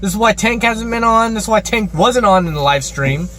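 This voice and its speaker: A man giving a casual, rambling vlog review with excitable, profane energy. He records himself in an outdoor store parking lot on a handheld phone. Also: high-pitched, fairly quick. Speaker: show reviewer.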